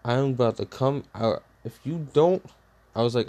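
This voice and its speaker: A young man telling a personal story in a rambling, profane, animated way, full of fillers. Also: medium pitch, moderate pace. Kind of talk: casual storytime rant.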